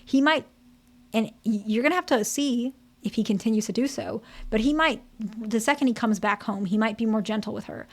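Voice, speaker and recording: A woman's voice: on the high side, a little fast. A woman therapist explaining relationship patterns to camera in a candid, conversational way, often checking in with "okay?" and "right?". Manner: candid, direct.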